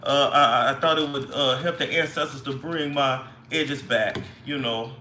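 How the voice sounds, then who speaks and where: Guy putting on a ditzy drawling lady fussing over her hair, says baby a lot, kinda high voice, echoey room. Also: lively intonation, unhurried, pushed and bright, a little hiss or hum, full character voice. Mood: fretful. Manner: drawling, calls everyone baby. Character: scatterbrained woman fretting over damaged hair.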